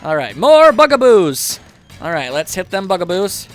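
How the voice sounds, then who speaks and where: A man's voice: sits high, big pitch swings, moderate pace, faint music behind. A man casually commentating a video game as he plays, chatty and wry, with self-mocking asides. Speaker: gameplay commentator. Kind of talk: casual let's play commentary.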